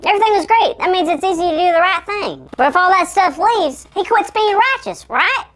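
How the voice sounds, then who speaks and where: A woman voicing a panicky shrunken host with a squeaky, chipmunk-like voice. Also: expressive, brisk, fairly bright tone. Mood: curious. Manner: frantic and exclamatory.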